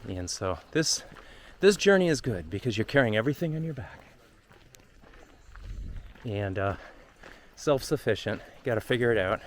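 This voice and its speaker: A man with a lowish voice records a casual travel vlog on a handheld phone while taking a long walk along an outdoor trail. He rambles candidly and with emotion, and a little hiss or hum runs under the recording.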